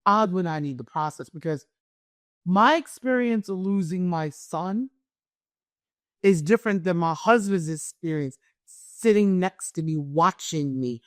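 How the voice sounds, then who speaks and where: A middle-aged woman with a naturally loud voice, a guest telling an emotional personal story and acting out what others said. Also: on the low side, unhurried, dry recording, clean studio sound. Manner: animated, acts out what others said.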